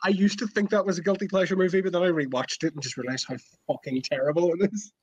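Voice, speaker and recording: A man's voice: high-pitched, steady tone, quick pace, slightly rough, no echo. A young man co-hosting a casual podcast, rambling through stories with laughs and swearing. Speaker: podcast co-host. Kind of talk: casual group chat. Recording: dull lo-fi mic.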